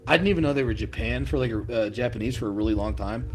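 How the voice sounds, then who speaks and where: A man co-hosting a podcast in casual chat, excitable and profane, laughing often and tripping over his words. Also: mid-range voice, fast talker, soft background music. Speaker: podcast co-host.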